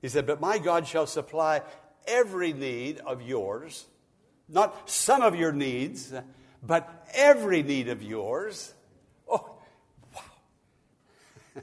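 A male pastor delivering a sermon with a lively, swinging pitch and emphatic swells. His voice sits a bit high for a man. It rings out in a reverberant church hall. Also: slow pace, long pauses, husky. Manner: preaching with rising bursts of emphasis.

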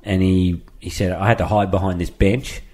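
A man's voice: deep voice, level tone, normal speed, darkish tone. A man, a comedian telling a rambling story in casual podcast chat. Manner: rambling storyteller, laughs often.

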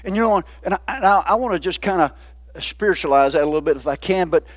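A pastor delivers a sermon in a folksy, conversational style, frequently posing questions to the congregation. His voice sits high, animated and fast.

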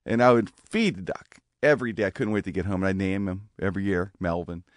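A man telling family stories as a guest on a radio show, with an animated manner that acts out the voices of relatives. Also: low voice, fast talker, no room sound, clean studio sound. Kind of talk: casual storytelling. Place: radio studio.

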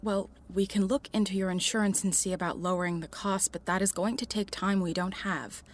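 A woman's voice: mid-range voice, steady tone, brisk, a little hiss or hum, lightly acted. An actress playing a businesslike female clinic staffer who explains costs persuasively.

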